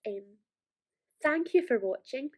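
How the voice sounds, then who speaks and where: A young woman with an Ayrshire Scottish accent, talking quickly and chattily through a casual planner walkthrough. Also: high voice, lively intonation. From Scotland. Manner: fast, chatty, self-deprecating. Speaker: planner vlogger.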